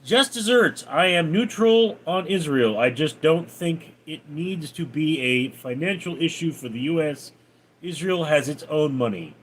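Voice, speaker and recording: A man's voice: a little high, expressive, measured pace, slight background noise. A man livestreaming, reading viewers' names and comments aloud, then answering them offhand. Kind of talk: reading out and answering live chat.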